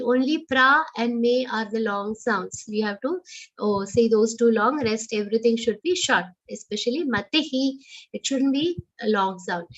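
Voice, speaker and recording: A woman with an Indian English accent teaching verse recitation, chanting each line slowly and then explaining the pronunciation quickly in a lower voice. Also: fairly bright tone, dull audio. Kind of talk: slow chanted recitation with spoken pronunciation notes. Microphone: online class audio.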